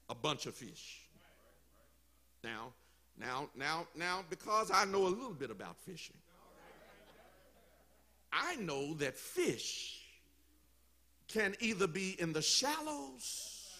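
A man preaching a sermon in a church, telling the story with animated call-and-response to the congregation. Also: sits high. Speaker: pastor.

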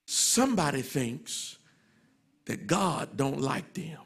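Man, pastor, sermon, rising to shouts, high-pitched. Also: big pitch swings, slow, vocal fry, slightly rough. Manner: swings from soft and low to loud, shouted call-and-response.

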